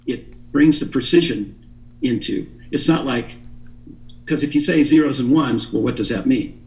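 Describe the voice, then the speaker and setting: A man's voice: mid-range voice, a little slow, gravelly, roomy sound, recorded from a distance, low-quality recording. A man being interviewed, explaining his ideas in an earnest, teaching tone with frequent restarts. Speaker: interview guest. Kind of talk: explanatory radio interview talk.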